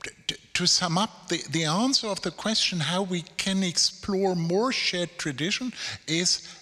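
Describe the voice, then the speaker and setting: A man's voice: high-pitched, pushed and bright. Male moderator, hesitant, repeats himself, reverberant hall sound. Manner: halting, repeats words while searching for phrasing. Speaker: panel moderator. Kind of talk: panel discussion.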